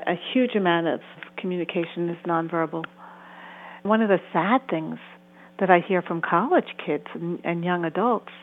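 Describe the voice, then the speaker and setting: A woman therapist and author giving earnest interview answers, sometimes acting out the voices she quotes. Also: lowish voice. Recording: tinny phone-like sound.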